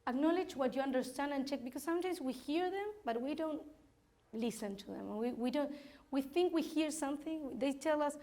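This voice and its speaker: Woman with a gravelly voice. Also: sits high, normal speed, warm tone. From Argentina. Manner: candid, laughs often, many restarts. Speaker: parenting workshop speaker. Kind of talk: informal talk to parents.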